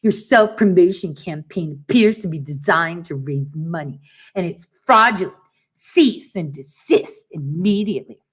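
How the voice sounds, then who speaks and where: A woman's voice: expressive, unhurried, husky. A woman putting on a sneering, pompous male lawyer. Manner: mocking, disgusted, low put-on voice.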